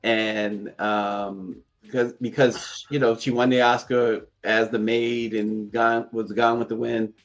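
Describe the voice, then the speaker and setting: Gravelly-voiced man, chuckling co-host. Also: on the low side, little pitch movement, slow, few pauses, lo-fi sound. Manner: chuckles often while talking. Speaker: morning show co-host. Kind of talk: casual news chat.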